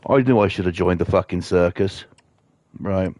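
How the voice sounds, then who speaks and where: A man's voice: low-pitched, normal speed, darkish tone, no room sound. Sweary man with a Norfolk accent. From Norfolk, England. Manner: sweary, rambling storyteller. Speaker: game streamer. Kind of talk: casual chat while playing.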